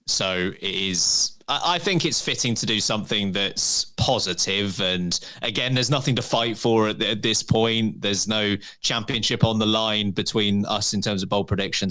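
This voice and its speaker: Male podcast host, fairly low voice, easygoing, keeps the banter moving. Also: bright, forceful tone. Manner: joking, steers the segments. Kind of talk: casual chat.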